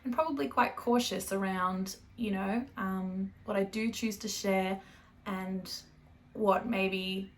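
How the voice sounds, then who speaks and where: A woman's voice: mid-range voice, fairly even intonation, slow pace. Chatty young Australian woman. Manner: chatty, rambling, self-correcting, laughs often. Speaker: knitting podcast host. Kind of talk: casual chat to camera.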